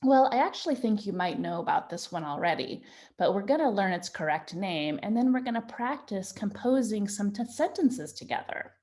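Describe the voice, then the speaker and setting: A patient, encouraging woman leads a children's writing lesson at a medium pitch. She speaks gently and slows down to stretch out each example sentence for young listeners. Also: lively intonation. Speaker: Montessori teacher.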